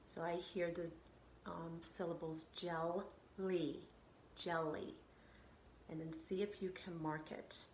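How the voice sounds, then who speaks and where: A woman's voice: on the low side, fairly even intonation, unhurried, roomy sound, a little hiss or hum. A woman teacher giving a recorded phonics lesson to children, patiently sounding out syllables and reassuring them.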